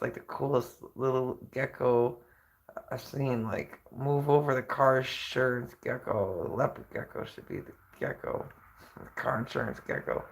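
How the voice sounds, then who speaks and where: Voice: medium pitch, vocal fry, slight background noise, low-quality recording. A livestreamer chatting casually to viewers, rambling and hesitant with many fillers. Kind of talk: casual chat.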